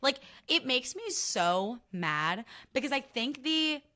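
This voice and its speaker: Bright-voiced chatty young woman podcaster. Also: high-pitched, sing-song, slow. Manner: chatty, candid, swears freely, gets worked up in rants. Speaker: podcast host. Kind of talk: casual solo podcast chat.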